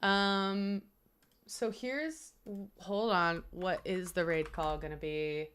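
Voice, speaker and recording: A woman's voice: fairly low pitch, takes it slowly, a bit bright, smooth. Young woman streamer, casual chat, earnest and rambling, home setup. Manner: earnest, grateful, rambling with fillers.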